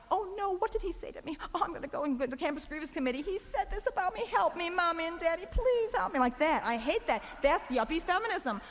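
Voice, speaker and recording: A woman in her forties giving a public lecture in a large hall, talking rapidly and combatively with many fillers and asides. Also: a little high. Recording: reverberant hall from a distance.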